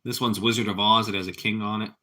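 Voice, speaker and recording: A man's voice: on the low side, fairly even intonation, fast, bright, forceful tone. A man hosting a casual live stream, rambling easily as he chats with viewers and his cat. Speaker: livestream host.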